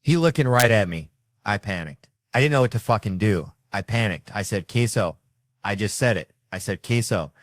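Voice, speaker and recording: A man telling a comic story in an animated, profane way, acting out the dialogue. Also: lowish voice, moderate pace, no echo. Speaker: comedian.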